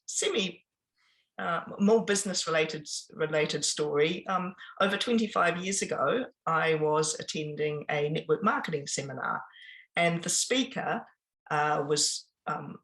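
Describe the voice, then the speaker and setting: A woman giving an informal business presentation, chatty and pausing often with ums and restarts. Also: low voice, a bit bright, rough recording. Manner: conversational, with frequent ums and restarts.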